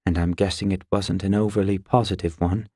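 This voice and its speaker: A man voicing a perceptive young woman in an audiobook, with a lighter, higher voice and a soft teasing edge. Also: steady tone, brisk, dry recording, clean studio sound. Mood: uneasy. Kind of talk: audiobook character voice.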